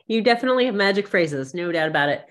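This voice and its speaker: A woman's voice: mid-range voice, expressive, fairly quick. A woman hosting an interview, asking questions in a friendly, hesitant way with many fillers. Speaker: podcast host.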